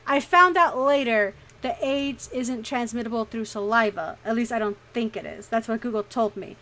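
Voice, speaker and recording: A young woman streamer telling a story in casual chat, animated and swearing freely. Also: a little high, moderate pace, poor audio.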